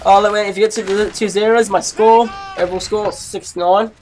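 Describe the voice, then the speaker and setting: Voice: mid-range voice, steady tone, a little fast, a little mellow, slight background noise. Teen gamer with an English accent, mid-range voice, rambling chatty commentary over gameplay. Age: late teens. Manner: rambling, chatty, giggly asides. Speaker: gaming channel host.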